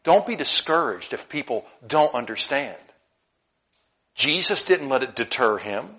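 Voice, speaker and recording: Male preacher, bright tone, animated sermon, loud-soft swings, mid-pitched. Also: unhurried. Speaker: pastor.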